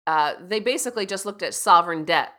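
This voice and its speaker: In a radio studio, a female co-host offers casual commentary in a fairly low, animated, brisk voice with a fairly bright tone. Earnest and insistent, she keeps restarting and repeating her points.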